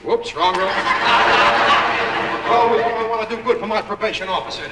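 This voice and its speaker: A man's voice: high-pitched, sing-song, measured pace, echoey room, recorded from a distance, a crowd in the background, rough recording. An older man in his eighties joking playfully as he shows people around. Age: 80s.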